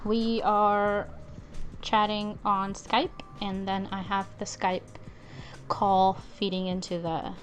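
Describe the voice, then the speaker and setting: A young woman co-hosting a casual live stream from her computer's webcam mic, giggly and hesitant, with lots of fillers. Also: medium pitch. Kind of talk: casual live stream chat reading out questions.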